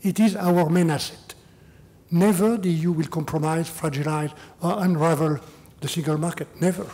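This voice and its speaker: An older French-accented man answers questions at a lecture in slightly high, careful English. He often repeats words as he searches for phrasing, then drives points home with a questioning "huh?". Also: steady tone, moderate pace, a little mellow. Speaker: EU chief negotiator giving a lecture. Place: large lecture hall.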